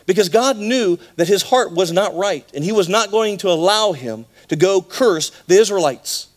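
High-voiced animated preacher. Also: male voice, moderate pace. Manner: animated storytelling with acted voices. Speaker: pastor. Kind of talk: sermon. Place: church.

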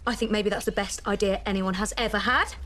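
A woman's voice: medium pitch, steady tone, fairly quick, a bit bright, lightly acted. An actress playing a dry, sarcastic young British woman in a sitcom.

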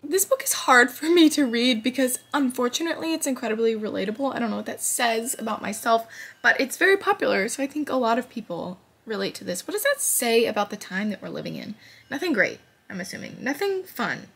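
A woman's voice: a little high, animated, brisk, vocal fry, a bit bright, breathy edge. A woman book vlogger talking casually and candidly, swearing now and then, and reading passages aloud with feeling.

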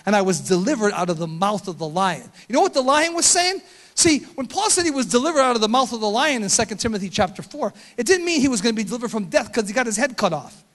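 Older male pastor, high voice, loud emphatic preaching, quiet storytelling asides. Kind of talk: sermon.

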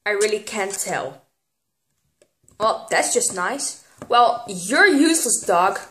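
A teenage girl, filming a casual vlog and getting excitable, squealing when something pleases her. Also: medium pitch, takes it slowly. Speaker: vlogger. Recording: echoey room.

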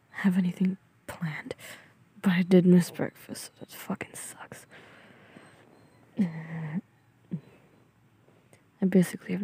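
A grumpy, sleepy young man, as a woman puts him on in a whispered role-play. His voice is very husky and breathy, dark in tone, and he drags each word out slowly. He talks in a curt, irritable, mocking way. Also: fairly low pitch, full character voice. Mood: irritated. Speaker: voice actor.

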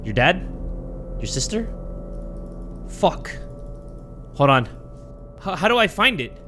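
A young man playing a horror game and commentating, joking, swearing and yelling when startled. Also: fairly high pitch, slow pace, noisy background. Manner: excitable, joking, profane, yells when startled. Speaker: gaming video host. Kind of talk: let's play commentary.

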